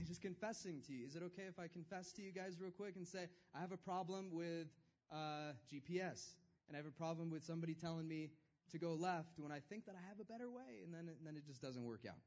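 A man's voice: on the high side, lo-fi sound. A man preaching a sermon as pastor, in a loose conversational style with self-deprecating humor.

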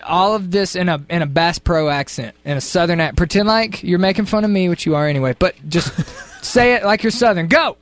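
A man co-hosting a radio morning show in a radio studio, playful and loud in the banter. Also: high-pitched, a little fast, dry recording. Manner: playful, shouts for comic effect. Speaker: radio co-host.

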